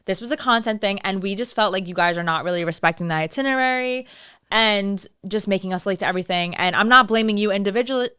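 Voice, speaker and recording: A young adult woman co-hosting a podcast, telling a story in casual chat, blunt and animated, swearing freely. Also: medium pitch, quick pace, smooth, no room sound, studio quality. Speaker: podcast co-host.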